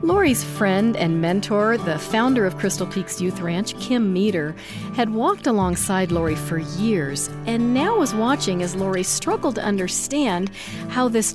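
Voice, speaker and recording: Lively scripted woman narrator. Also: mid-range voice, a little slow, over music.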